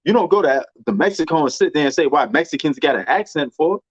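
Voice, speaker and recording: A man's voice: a little high, expressive, fairly quick, no room sound, muffled recording. A man with a New York accent chatting casually and rambling about movies, full of slang and fillers. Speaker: movie commentator. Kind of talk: casual chat.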